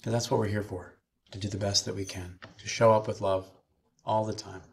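Gravelly-voiced man guiding a meditation. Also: on the low side, level tone. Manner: slow, soothing guidance with breathing cues. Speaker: minister. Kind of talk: guided meditation talk.

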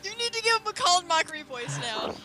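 A woman on a game stream, teasing her friends and quick to laugh, on a noisy mic with clicks. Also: extremely high pitch, big pitch swings. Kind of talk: casual gaming chat.

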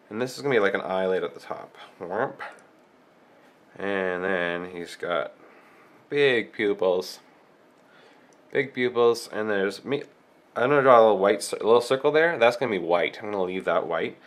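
Unhurried man teaching drawing with a cold. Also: fairly low pitch, expressive, a bit bright. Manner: unhurried, thinking aloud while drawing. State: has a cold. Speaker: drawing tutorial host. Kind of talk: step-by-step drawing instruction.

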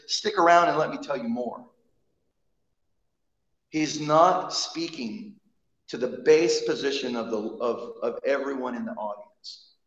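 A man's voice: medium pitch, a bit bright. A man preaching a sermon, emphatic, often repeating and restarting his words. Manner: emphatic, frequent repetitions and restarts. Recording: echoey hall, dull sound.

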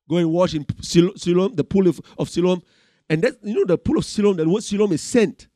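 Man, middle-aged, Malaysian English accent, conversational sermon, fairly high voice, dry recording. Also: brisk, dry recording. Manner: animated, conversational preaching, many asides and fillers. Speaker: pastor. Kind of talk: sermon with personal testimony.

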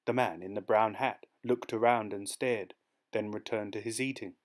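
A man reading a short story aloud as an audiobook narrator, steady and measured. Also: fairly low pitch.

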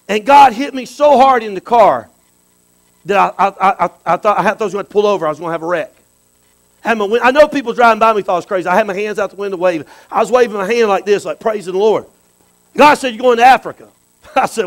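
A man, preaching a sermon as bishop, animated and repetitive, calling out for amens from the congregation. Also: high voice, fast talker, low-quality recording.

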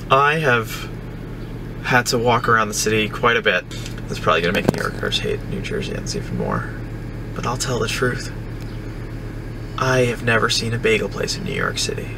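A man's voice: on the low side, creaky, noisy background. A man vlogging from inside a car, talking casually in a dry, self-mocking, offhand way. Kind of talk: casual vlog talk. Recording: music playing behind the voice. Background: music playing in the car.

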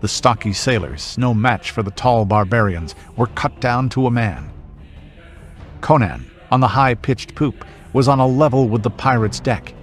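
A man's voice: mid-range voice, expressive, normal speed. A man reading a passage from a sword-and-sorcery story aloud, in a grave and theatrical manner. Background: soft background music.

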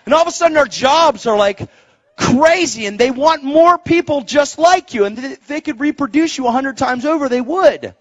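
A male preacher with a high, lively voice delivers an excitable sermon from a stage. He swings between hushed asides and loud bursts. The sound is dull and lo-fi. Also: normal speed.

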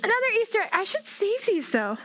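Commenting on a game for her videos, a young woman gasps and squeals with excitement and coos baby-talk at the animals. She speaks fast in an extremely high, sing-song, somewhat bright voice, with slight background noise.

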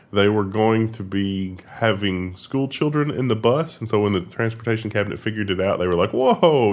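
A man co-hosts a relaxed tech news chat in a low, slightly husky voice. He is wry and sarcastic, often laughing as he reads out stories. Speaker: news show co-host.

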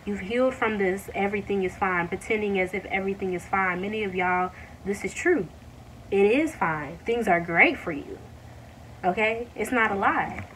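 A woman giving a casual tarot reading to her viewers, talking warmly to them as y'all and breaking into excited exclamations. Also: medium pitch, far from the mic, a little hiss or hum, poor audio. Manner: excited, animated bursts with drawn-out exclamations; addresses viewers as y'all, many fillers. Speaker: tarot reader.

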